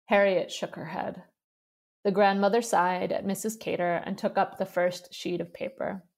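Woman reading a literary story, gravelly. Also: medium pitch, steady tone, moderate pace. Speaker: reader.

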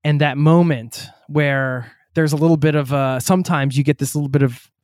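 Relaxed man hosting a podcast, dry sound. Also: fairly high pitch, normal speed, no echo. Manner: relaxed, chatty, thinks aloud with restarts. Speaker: podcast host. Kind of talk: casual interview chat.

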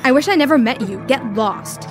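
A woman's voice: on the high side, normal speed, music in the background, lightly acted. A woman voicing a fed-up teenage boy. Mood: furious. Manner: stern, shouting at an intruder. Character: angry teenage boy, the neighbor.

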